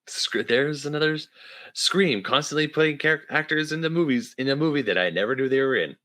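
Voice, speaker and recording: A man co-hosting a podcast, chatting casually with halting restarts. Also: a little high, sharp tone. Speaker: podcast co-host. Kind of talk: casual chat.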